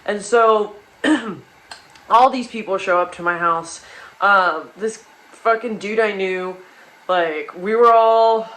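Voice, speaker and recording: A woman's voice: mid-range voice, takes it slowly, a bit bright, poor audio. A young woman telling a wild personal story in casual comedic style, rambling and profane, with many restarts and asides.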